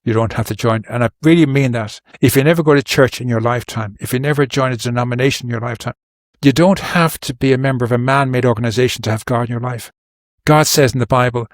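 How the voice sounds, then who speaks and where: A man's voice: mid-range voice, quick pace, dry recording, studio quality. Earnest rambling man. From Ireland. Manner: earnest, rambling with restarts and stories. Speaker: podcast guest. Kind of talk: casual advice talk.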